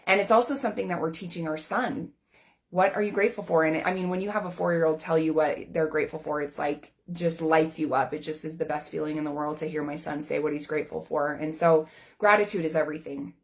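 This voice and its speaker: A woman's voice: deep voice, fairly even intonation, fast. A woman in her forties, a life coach, talking candidly to camera in a casual, earnest way with plenty of everyday fillers. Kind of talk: personal talk to camera.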